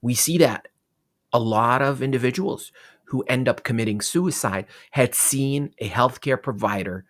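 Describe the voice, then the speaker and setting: A man's voice: medium pitch, unhurried. A man who is a physician, making an earnest, direct appeal to fellow healthcare providers. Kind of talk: address to fellow clinicians.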